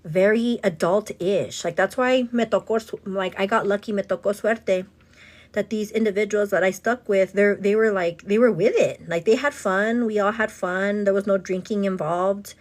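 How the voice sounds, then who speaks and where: A woman's voice: medium pitch, normal speed. A woman vlogger telling a long story in casual get-ready-with-me chat. She rambles, keeps calling the listener "girl" and slips in the odd Spanish phrase. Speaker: vlogger and host.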